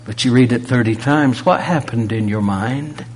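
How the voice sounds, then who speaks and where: A man preaching a sermon, pressing rhetorical questions and swinging from loud emphasis to a near-whisper. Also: medium pitch, normal speed, slightly rough.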